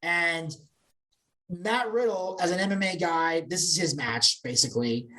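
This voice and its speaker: A woman co-hosting a podcast in casual chat, opinionated and blunt, talking in quick bursts full of restarts. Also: on the low side, a bit bright. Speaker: podcast co-host.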